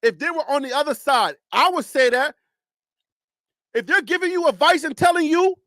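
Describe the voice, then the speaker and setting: Male sports stream host, very high voice, dry close sound, preachy and emphatic. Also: lively intonation, moderate pace, sharp tone, no room sound. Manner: emphatic, lecturing advice. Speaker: sports talk show host. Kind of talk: live-stream commentary.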